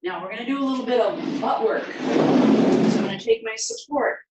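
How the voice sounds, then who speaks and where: A woman fitness instructor leading a guided home workout, counting reps aloud and giving steady encouraging cues. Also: fairly high pitch, moderate pace, dull audio, noisy background. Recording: very echoey room, mic far away.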